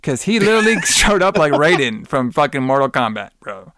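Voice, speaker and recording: A man's voice: a little high, very animated, fairly quick, fairly bright tone, a little hiss or hum. A man co-hosting a podcast, recapping a horror movie in casual, profane chat, rambling and acting out the characters' lines. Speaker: podcast co-host.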